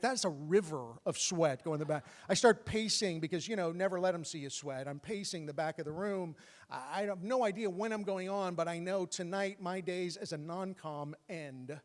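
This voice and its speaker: A man telling a true personal story on stage with comic timing and animated bursts. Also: sits high. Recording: long hall reverb.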